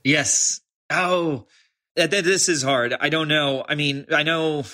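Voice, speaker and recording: A man's voice: a little high, steady tone, slow, pushed and bright. A man from Los Angeles, a film director guest, chatting in a rambling, hesitant way with lots of restarts. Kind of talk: casual interview chat.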